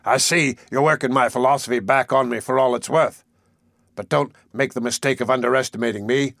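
A domineering sea captain, voiced by a male audiobook reader, speaks with sneering menace in a raised, carrying voice. The recording is dry and close. The threats come slow and deliberate. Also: medium pitch, fairly even intonation, creaky, a bit bright, no room sound. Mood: threatening. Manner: threatening, sardonic. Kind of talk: audiobook character voice.

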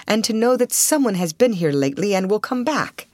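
A motherly chaperone takes comfort in small signs, her voice homely and bright with relief, as a woman reads her in an audiobook. The recording is dry. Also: medium pitch, animated, fairly quick, dry recording, pitched above the performer's own voice, lightly acted.

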